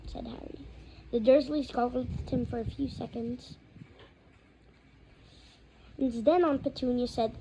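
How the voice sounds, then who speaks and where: High-voiced woman reading a story. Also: fairly even intonation, moderate pace, creaky, long pauses, dark tone, dull audio, a little hiss or hum. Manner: reads aloud with occasional slips and restarts. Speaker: audiobook reader. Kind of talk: fan audiobook narration.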